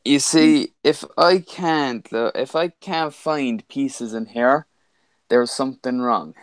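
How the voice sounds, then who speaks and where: A man's voice: mid-range voice, slow. A man chatting casually and explaining at length about the figures he builds. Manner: rambling, explaining. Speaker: Lego figure maker. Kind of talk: casual chat.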